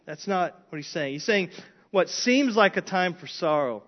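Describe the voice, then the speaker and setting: A man's voice: on the high side, moderate pace. A man preaching an expository sermon, earnest, with frequent restarts and rising emphasis on key points. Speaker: pastor. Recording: dull lo-fi sound.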